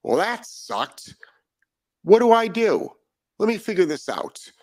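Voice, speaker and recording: A man's voice: high voice, very animated, takes it slowly, a little mellow, pitched above the performer's own voice, full character voice. A man voicing a dog thinking aloud. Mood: musing. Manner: musing, talking to himself. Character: male dog thinking aloud, resigned and puzzled.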